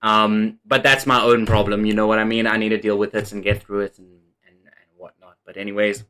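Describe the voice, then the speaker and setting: A man's voice: lowish voice, a little fast, clear, resonant tone. A man giving casual gameplay commentary, rambling and swearing freely, often venting. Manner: swears a lot, flips from calm rambling to angry outbursts. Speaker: gameplay streamer. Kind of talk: casual let's play commentary.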